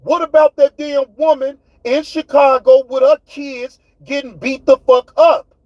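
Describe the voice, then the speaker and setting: A man's voice: very high voice, little pitch movement, measured pace, a little mellow, no room sound, lo-fi sound. A man with hosting his own livestream, ranting at his chat in a fiery, profane way. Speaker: livestream host. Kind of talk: heated livestream rant.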